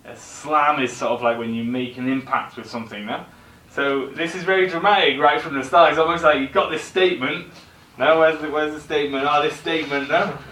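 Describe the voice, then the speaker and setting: A man's voice: fairly high pitch, steady tone, fairly quick, pushed and bright, slight background noise. A man teaching a vocabulary lesson in a classroom, explaining words and often checking in with the class through tag questions. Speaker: English teacher. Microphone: recorder at a distance. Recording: echoey room recording from far off.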